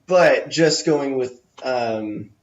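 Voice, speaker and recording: Young male podcast host, mid-pitched, hesitant and agreeable, in an echoey room on dull, lo-fi audio. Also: drawn-out words. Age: 20s. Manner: agreeable, hesitant, lots of ums and yeahs. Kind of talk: casual podcast chat.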